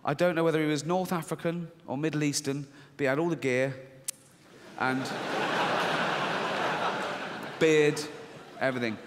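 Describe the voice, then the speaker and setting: Middle-aged guy doing stand-up, highish voice, acts out the voices in his head, big reverby theatre sound. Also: unhurried, pauses often, a little hiss or hum. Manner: animated storytelling, acts out his inner voices. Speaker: stand-up comedian. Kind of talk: stand-up comedy routine. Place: large theatre stage. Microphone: stage microphone. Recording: live theatre with long reverb.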